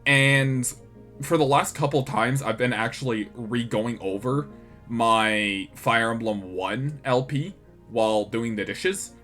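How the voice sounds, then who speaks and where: A man's voice: medium pitch, takes it slowly, bright, forceful tone, faint music behind. A man co-hosting a casual chat about video games, rambling, with many restarts and laughs. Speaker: podcast co-host.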